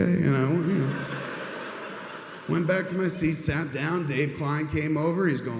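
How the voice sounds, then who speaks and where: A man's voice: a little high, moderate pace, gravelly, darkish tone, a little hiss or hum. Profane rambling man telling stories on stage. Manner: profane, rambling, self-deprecating. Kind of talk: comedic storytelling monologue. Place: live venue stage. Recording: reverberant live hall.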